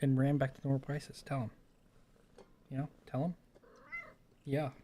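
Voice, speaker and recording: A man's voice: medium pitch, monotone, measured pace, mellow. A man at home chatting to his cat by a desk microphone, coaxing and cooing at her in casual pet talk with offhand mutters. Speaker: streamer talking to his cat.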